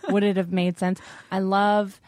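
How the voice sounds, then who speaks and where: A woman's voice: mid-range voice, flat delivery, a little mellow, dry recording. Chatty woman podcast co-host, dry close mic. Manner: fast, chatty, laughs often. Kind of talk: casual chat.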